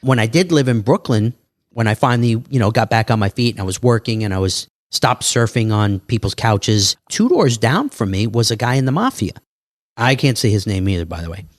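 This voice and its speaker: A man telling stories as a podcast guest in an animated, casual way, acting out other people's lines. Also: on the low side, a little fast, dry recording, studio quality. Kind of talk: casual interview storytelling.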